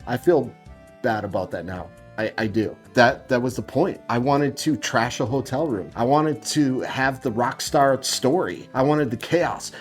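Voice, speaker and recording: A man telling a confessional story in a profane, sarcastic, self-mocking and animated way. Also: mid-range voice.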